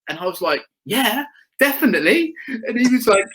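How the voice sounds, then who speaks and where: The guest here, a young motocross rider, keeps things casual, spinning stories with frequent laughter and acted-out quotes. His high-pitched voice is animated, bright, and forceful at normal speed, captured with poor audio.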